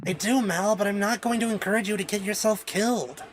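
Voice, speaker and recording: A woman voicing a protective young woman who speaks gently and with worry. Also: mid-range voice, fairly quick, background noise, lightly acted. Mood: worried. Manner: gentle, worried, soft.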